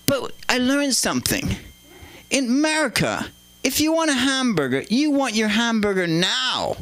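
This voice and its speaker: A man's voice: high voice, a bit bright, no room sound. An English man performing a stand-up set on a comedy club stage, rambling and cheeky with playful asides. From England.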